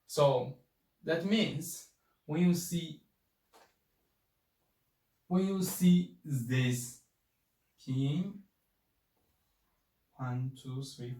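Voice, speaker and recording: A man teaches pinyin at a very slow, careful pace, patiently repeating each syllable several times. He sits some distance from the mic in a roomy, echoing space. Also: mid-range voice, a little mellow. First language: Chinese. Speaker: Chinese language teacher. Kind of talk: slow spoken language lesson.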